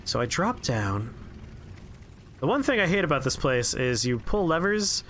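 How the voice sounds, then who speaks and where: A man streaming a game, rambling through profane, relaxed anecdotes as he plays. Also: a little high, moderate pace, slight background noise. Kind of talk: casual gameplay commentary and storytelling.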